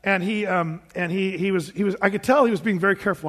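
Quick, nearly pauseless and fairly bright, a man's high voice carries a storytelling sermon about his own experience to a live congregation. He chats freely and laughs often, clearly enjoying himself, amid the long reverb of a big hall.

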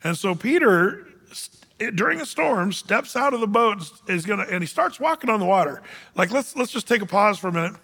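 An animated man preaching to a gathering, his high voice bright and forceful as he acts out the people in his story. The sound rings with the long reverb of a large hall. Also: fairly quick, husky. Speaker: men's group speaker. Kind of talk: sermon.

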